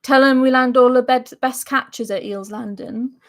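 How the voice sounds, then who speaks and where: A woman voicing a cold, ruthless young woman steward who speaks in a curt deadpan in a read-aloud story. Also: high voice, normal speed.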